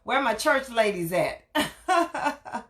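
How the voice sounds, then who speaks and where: A woman's voice: on the high side, sing-song, slow. Upbeat woman hosting a late-night livestream. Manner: upbeat, repetitive welcoming greetings. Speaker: livestream host. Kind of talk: casual live-stream chat.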